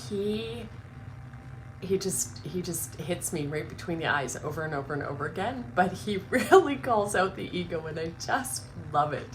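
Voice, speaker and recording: A woman's voice: lowish voice, lively intonation, moderate pace, noisy background. A woman hosting her morning live stream, chatting emotionally, laughing through tears and gushing with many restarts. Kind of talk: casual emotional chat.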